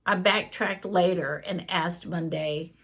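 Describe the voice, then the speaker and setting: A woman recounting a personal faith testimony in an earnest, emotional way. She speaks slowly, with plenty of vocal fry in her voice. The tone stays casual and heartfelt. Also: lowish voice, fairly even intonation, a bit bright.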